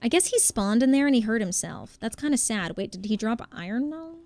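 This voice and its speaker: A young woman streaming a game who chats nonstop with her viewers, greeting and thanking them by name while she muses over her next move. Her voice sits a little high, and the recording is dry and close with no room around it. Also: big pitch swings, brisk, a little mellow, no echo. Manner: chatty, thanks viewers by name, thinks aloud. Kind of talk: casual live-stream chat while gaming.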